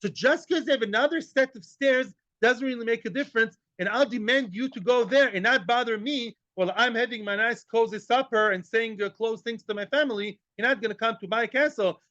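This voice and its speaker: A man's voice: very high-pitched, a little fast, few pauses, bright, forceful tone, no echo, muffled recording. A man giving a Talmud class, joking as he goes, asking rhetorical questions and dropping in Hebrew and Aramaic terms. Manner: rhetorical questions, repeats phrases. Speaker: Talmud teacher.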